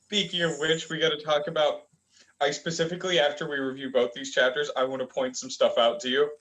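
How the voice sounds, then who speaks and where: A young man talking through a casual review with a friend. His voice sits a touch higher than most men's. He rambles, restarts and fills gaps with ums and uhs. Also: level tone, fairly bright tone, rough recording. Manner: rambling, halting with many fillers. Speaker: manga review co-host. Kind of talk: casual chat.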